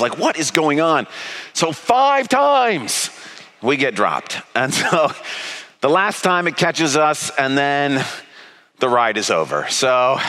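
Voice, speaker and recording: A middle-aged man gives a sermon as a lively personal story, acting out his own panic with self-mocking humor. His voice sits a bit high and sounds bright and forceful.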